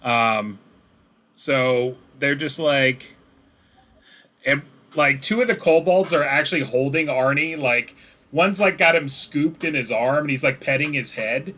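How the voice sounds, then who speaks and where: A man's voice: medium pitch, a little slow, bright, forceful tone. A man narrating as game master, describing scenes casually with many fillers.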